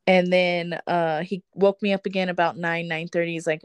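A woman's voice: fairly low pitch, fairly quick, few pauses, smooth, no echo. Woman laughing through a story, dry sound. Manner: laughs often and swears freely while telling the story. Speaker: guest telling a personal story. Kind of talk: casual chat.

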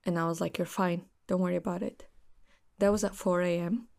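A woman's voice: fairly low pitch, level tone, a little fast, gravelly, darkish tone. A young woman earnestly recounting a friend's story in casual chat.

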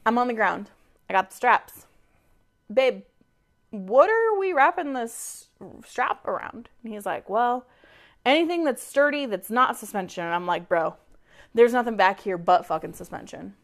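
A woman's voice: on the high side, a little slow. A woman co-hosting a podcast, telling a story in casual chat, exasperated, swearing freely and acting out quoted lines. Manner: animated, acts out quoted dialogue, swears freely; exasperated venting. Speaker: podcast co-host.

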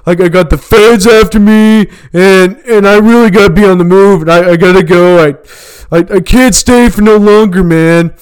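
A man's voice: sits high, moderate pace, clear, resonant tone, voice pushed up, natural voice, poor audio. A man voicing a frantic, jittery male crackhead coworker who stammers and panics. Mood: panicky.

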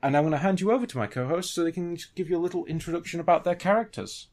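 A man's voice: on the high side, rapid-fire, darkish tone. A man hosting as game master, narrating a recap in a dramatic storytelling delivery before handing over to the players.

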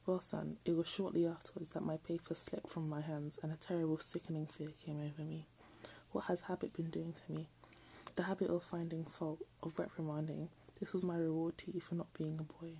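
A woman reading a text aloud in a soft, often half-whispered voice, breaking off for self-mocking jokes. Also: low voice, little pitch movement, fairly quick, vocal fry, a little hiss or hum, rough recording. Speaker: reader.

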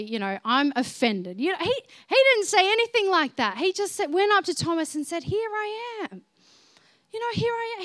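A woman with a high voice preaching a sermon. She is earnest and moves between hushed, gentle passages and emphatic ones. The sound is dry and close. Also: no room sound.

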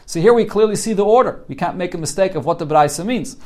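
Guy teaching talmud in yeshivish english, kinda high voice, reads the aramaic then explains it line by line. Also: animated, fast talker. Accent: English with Yeshivish Hebrew and Aramaic terms. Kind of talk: daily Talmud study class.

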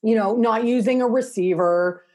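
A woman's voice: on the high side, moderate pace, darkish tone. A woman with a Canadian accent, an interior designer talking casually and at length in an interview, with many fillers. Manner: chatty, rambling, lots of fillers.

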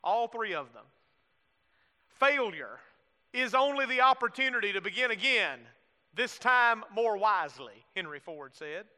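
High bright-voiced male preacher. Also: lively intonation, measured pace. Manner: preaching with call-and-response asides to the congregation. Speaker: pastor. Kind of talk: sermon. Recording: long hall reverb.

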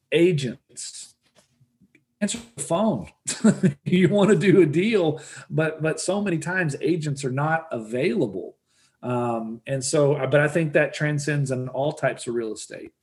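A man's voice: a little high, a little mellow. A middle-aged man talking earnestly in an interview, often repeating words as he starts a thought. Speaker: real estate investor guest. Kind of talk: conversational interview answer.

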